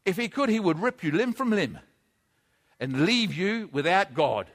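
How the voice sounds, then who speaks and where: A male preacher delivering an energetic sermon, leading his congregation in call-and-response and often shouting. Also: high-pitched, a little slow.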